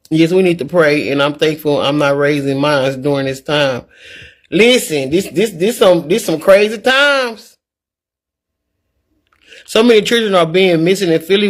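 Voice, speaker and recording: Earnest middle-aged woman livestreaming. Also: fairly low pitch. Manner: earnest, preachy, repeats words when worked up. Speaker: livestreamer reading viewer comments. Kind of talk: candid live-stream talk.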